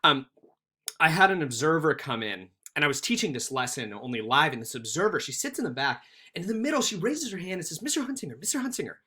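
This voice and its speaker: In a recorded history lesson, a man who teaches speaks fairly quickly in a voice on the high side. He tells stories with animation and acts out the quotes.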